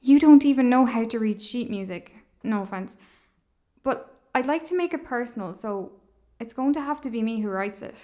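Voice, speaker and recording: A woman voicing a lonely young woman who plans an opera, talking in a blunt, defensive way in an animated film. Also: fairly high pitch, normal speed, close to an everyday voice.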